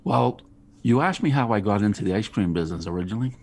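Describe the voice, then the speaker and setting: A man, a guest on a podcast, telling jokey, animated stories in casual chat. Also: on the low side, quick pace. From Charlestown, Boston area. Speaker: guest, ice cream truck driver.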